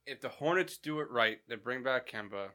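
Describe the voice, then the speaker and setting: Bright-voiced man in loose sports chat. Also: medium pitch, animated, a little fast. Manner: loose and candid, admits what he doesn't know. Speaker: podcast co-host.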